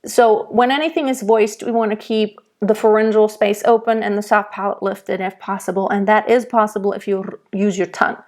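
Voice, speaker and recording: A woman's voice: medium pitch, steady tone, a little fast, few pauses, a little mellow. A woman voice teacher giving a diction lesson for singers. She explains patiently, then demonstrates each word aloud with strongly stressed consonants. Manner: rolls and stresses German consonants in her demonstrations.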